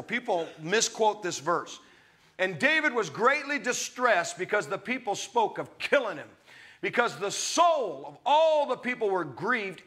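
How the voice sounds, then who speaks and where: A man's voice: high voice, bright, forceful tone. A man preaching a sermon, reading scripture aloud and breaking off into emphatic, conversational asides to his listeners.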